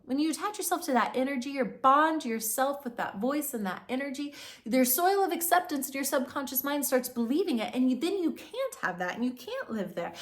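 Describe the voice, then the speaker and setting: A young woman with a fairly high voice gives an earnest spiritual pep talk. Her delivery drifts from hushed, near-whispered lines to bright emphatic bursts. She rambles and restarts, effusive and heartfelt. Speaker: poetry and manifestation teacher.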